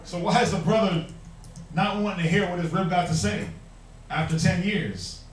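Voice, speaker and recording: High-voiced emphatic preacher man. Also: moderate pace, a little hiss or hum. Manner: emphatic, rhetorical questions, mock quoting. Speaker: Bible class teacher. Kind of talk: preaching-style Bible class. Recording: echoey room, mic far off.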